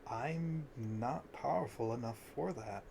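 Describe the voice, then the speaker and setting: A man's voice: mid-range voice, a little slow, creaky, noisy background. A man voicing a polite, inquisitive woman cleric. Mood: curious. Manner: formal, inquisitive. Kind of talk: voicing a character in a tabletop game.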